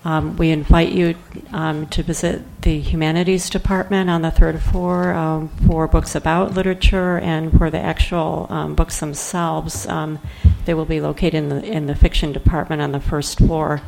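A woman's voice: low-pitched, little pitch movement, moderate pace, gravelly, few pauses, darkish tone, a little hiss or hum, low-quality recording. A woman hosting an event, giving a hesitant welcome announcement with many ums. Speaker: event host.

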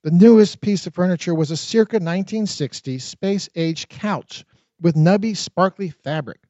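A man narrating his own memoir in an expressive, dramatic audiobook reading. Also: high-pitched, normal speed, dry recording. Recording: dull, lo-fi dry recording.

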